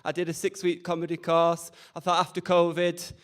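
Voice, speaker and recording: A man's voice: a little high, completely flat delivery, fairly quick, clear, resonant tone. A young man, doing cheeky, camp, self-deprecating stand-up at an open mic night. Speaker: stand-up comedian. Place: community radio open mic event.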